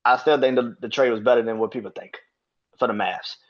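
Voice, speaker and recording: A man's voice: mid-range voice, fairly even intonation, fairly quick, muffled recording. A man hosting a sports podcast, ranting in a profane, heated way and repeating himself when worked up. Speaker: podcast host. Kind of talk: casual sports rant.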